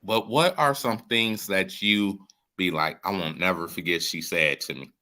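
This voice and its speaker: A man's voice: low-pitched, normal speed, pushed and bright. A man hosting a live show who interviews a guest and speaks straight to his viewers about the phone lines and the comments. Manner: emphatic and profane, addresses viewers directly.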